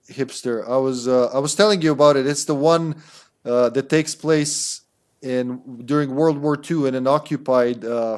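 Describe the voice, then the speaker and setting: A man's voice: mid-range voice, darkish tone. A man streaming a video game, chatting casually and rambling with lots of fillers and restarts. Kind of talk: casual gameplay commentary.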